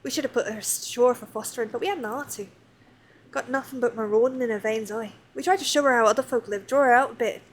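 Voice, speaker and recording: A woman's voice: fairly high pitch, quick pace, a little hiss or hum, natural voice. A woman voicing a chatty, fond old pirate crewmate in a salty sailor's dialect while reading game dialogue aloud. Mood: wistful.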